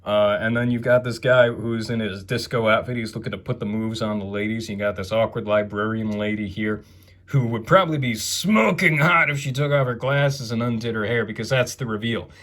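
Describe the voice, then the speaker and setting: A man's voice: lowish voice, fairly even intonation, fairly quick, fairly bright tone. A man hosting a video, narrating a casual show-and-tell tour with crude, wisecracking jokes and rambling asides. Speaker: video host.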